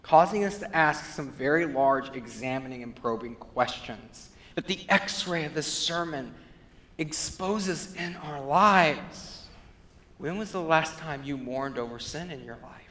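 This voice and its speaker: A pastor preaching in a sermon, his voice a bit high for a man, dropping low and soft before climbing to loud, urgent peaks. A long reverb trails every phrase, as in a large hall. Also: expressive, measured pace. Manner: preaching with wide swings between quiet, low passages and loud, high climaxes.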